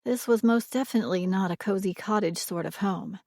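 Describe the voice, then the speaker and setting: A woman reading a romance audiobook in a measured, expressive way. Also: medium pitch, no echo, studio quality. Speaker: audiobook narrator. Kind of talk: scripted romance narration.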